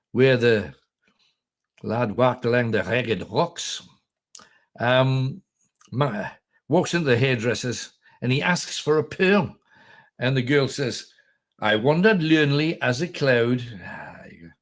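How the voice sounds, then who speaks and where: A man's voice: mid-range voice, expressive, takes it slowly, long pauses. A middle-aged man from North East England, hosting a casual, rambling livestream chat, reading viewer comments and telling jokes in a self-deprecating way. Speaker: host.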